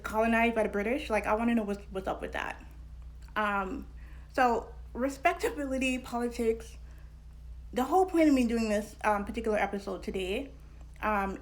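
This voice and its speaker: A woman with a fairly high voice hosts an educational vlog. She is candid and chatty, laughs often and slips into slang. Her delivery stays conversational and relaxed. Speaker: vlog host and scholar. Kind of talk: casual educational talk.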